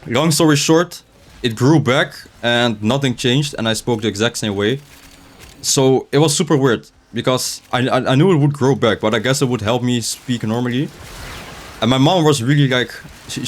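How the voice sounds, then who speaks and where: A young gaming streamer with a medium-pitched voice talks at normal speed while playing, seated in a chair in his room. His casual gameplay commentary rambles, full of restarts and filler words, and his speech is slightly unclear.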